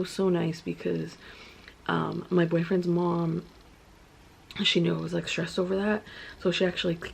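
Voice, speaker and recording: A woman's voice: on the low side, vocal fry, a little hiss or hum. A young woman vlogger telling her story in a casual, chatty way, full of filler words.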